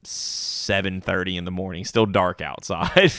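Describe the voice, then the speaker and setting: A man co-hosting a podcast, telling work stories in a relaxed, swearing casual chat. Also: low voice, measured pace, no room sound, clean studio sound. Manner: laid-back storyteller, swears freely. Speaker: podcast co-host.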